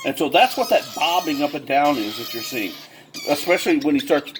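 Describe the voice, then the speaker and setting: Lively, chatty bird-keeping man. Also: on the high side, fairly quick, noisy background. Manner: explains step by step, many fillers and restarts. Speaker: bird breeder. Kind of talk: casual how-to demonstration.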